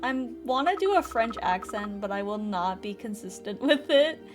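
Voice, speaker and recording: A woman's voice: medium pitch, very animated, normal speed. A woman streamer reading a game's dialogue aloud, giggly and self-aware about her attempts at voices, over game music.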